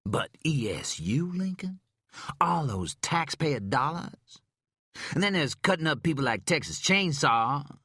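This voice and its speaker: A man's voice: fairly high pitch, sing-song, a little slow, bright, forceful tone, slightly rough, no room sound, studio quality, pitched above the performer's own voice, exaggerated voice. A man voicing a sarcastic, swaggering male FBI agent in an audiobook who talks in a mocking, streetwise way.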